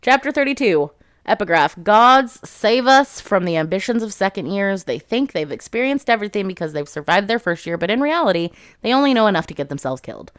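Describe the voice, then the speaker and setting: A woman's voice: mid-range voice, animated, a little fast, no room sound, studio quality. A woman recapping a fantasy novel in casual chat, swearing freely and quoting the characters as she goes. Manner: chatty, swears freely, quotes characters with 'she's like'. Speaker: book reviewer.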